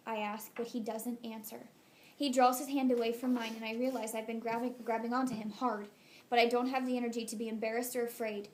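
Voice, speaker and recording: A woman reading a first-person novel aloud as an audiobook narrator, in a soft, intimate, unhurried way. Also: on the high side, slight background noise.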